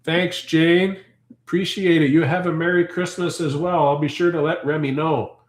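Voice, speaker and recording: A man's voice: on the high side, steady tone, moderate pace. A Canadian man hosting a farm live stream, talking on and on as he answers viewer comments. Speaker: farm channel host. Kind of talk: casual live-stream chat. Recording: roomy echo.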